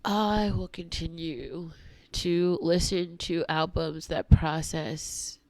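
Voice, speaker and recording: A woman vlogger in an angry confessional rant, heavy with swearing, swinging between hushed whispers and shouting. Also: on the low side, fairly even intonation, slow, dry recording.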